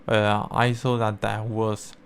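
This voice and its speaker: A young man whose first language is Spanish, explaining language learning in halting English full of fillers and restarts. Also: on the low side, flat delivery, a little hiss or hum. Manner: halting, many fillers and restarts, non-native phrasing. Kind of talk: casual explanatory talk.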